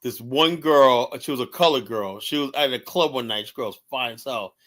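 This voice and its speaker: A man's voice: medium pitch, normal speed, fairly bright tone. A man, a podcast host, chatting casually and telling anecdotes, often checking in with "right?". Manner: storytelling, repeats "right?" often. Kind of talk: casual chat.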